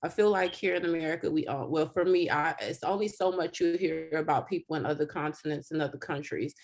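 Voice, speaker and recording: A panel participant on a video call, quickly voicing thanks for hearing everyone's stories. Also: medium pitch. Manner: grateful, quick. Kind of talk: brief comment.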